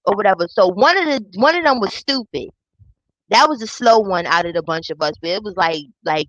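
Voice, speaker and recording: A woman's voice: fairly low pitch, a little fast, dry recording, lo-fi sound. A young woman telling a profane personal story in a casual storytime vlog, acting out the voices of the people in it. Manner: animated, acts out quoted voices, profane.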